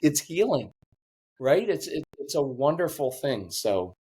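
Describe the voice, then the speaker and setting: A man's voice: on the high side, unhurried, breathy edge. A middle-aged man, a parenting coach being interviewed, telling stories earnestly and getting choked up with emotion. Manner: earnest, emotional, animated storytelling. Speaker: podcast guest, parenting coach. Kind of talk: conversational interview.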